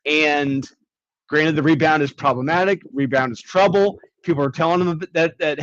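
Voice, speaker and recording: A man's voice: a little high, moderate pace, a bit bright, no room sound, highs cut off. A man co-hosting a comics podcast, talking casually and building long analogies. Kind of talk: casual chat.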